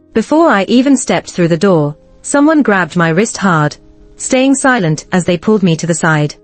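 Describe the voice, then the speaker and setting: A woman's voice: on the low side, no room sound. A woman narrating a first-person romance story in a cool, matter-of-fact way.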